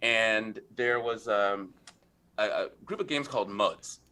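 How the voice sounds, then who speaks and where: A man in his forties, a podcast guest, telling a story in a chatty, animated way, acting out lines of old game text. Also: on the low side, takes it slowly. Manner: chatty, full of fillers and "right?". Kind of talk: conversational storytelling.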